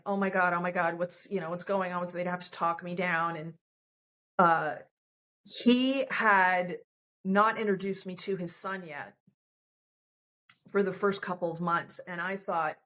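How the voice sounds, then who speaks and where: A woman's voice: fairly low pitch, fairly bright tone. A woman sharing a personal love story as a podcast guest, candid and emotional, often quoting what others said to her.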